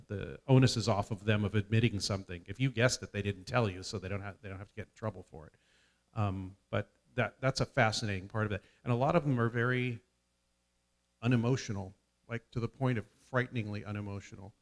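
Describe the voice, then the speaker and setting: A man speaking on a conference panel, measured and hesitant, with frequent fillers. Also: fairly low pitch.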